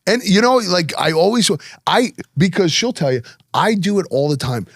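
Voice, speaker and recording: A man's voice: fairly high pitch, moderate pace, slightly rough, dry recording, clean studio sound. A man hosting a podcast, telling blunt, profane stories in casual chat. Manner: blunt, profane, lively storyteller. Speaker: podcast host.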